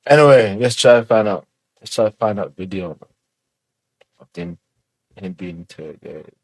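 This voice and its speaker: A man hosts a reaction video, talking loosely with lots of fillers and swearing. His voice sits a bit low. The sound is close and dry. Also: animated, normal speed, no echo. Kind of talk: casual commentary.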